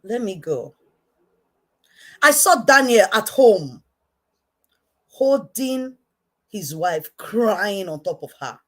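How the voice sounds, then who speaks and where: A woman with a Nigerian accent giving an impassioned rant to camera, repeating herself emphatically and swinging between quiet intensity and shouting. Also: medium pitch, very animated, slow, pauses often. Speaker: online commentator.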